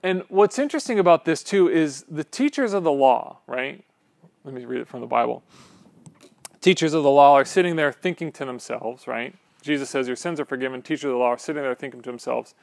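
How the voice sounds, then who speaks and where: With a creaky, slightly mellow, medium-pitched voice, a man teaches a small church-room Bible class a little fast. He speaks conversationally, breaking off to restart and asking "right?" between points. No room sound is audible.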